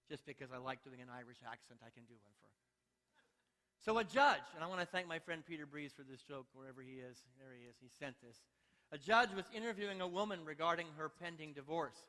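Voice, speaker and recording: A male pastor preaching a sermon, playful and exhorting, telling lively stories in a church sanctuary. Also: a little high. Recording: long church hall reverb.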